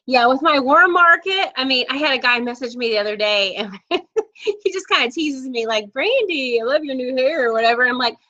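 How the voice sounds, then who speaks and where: A woman coaches her team over a video call, her voice bright and a touch high. She talks in a chatty, candid way, telling stories as she goes. The sound is dry and a little dull, as a laptop mic gives it. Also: a little fast, no room sound. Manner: chatty, candid, lively storytelling.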